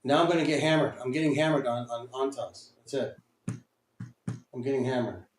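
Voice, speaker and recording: A man's voice: mid-range voice, a little fast. A man giving live commentary on his own day trades, muttering, cursing and repeating himself in frustration. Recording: roomy echo.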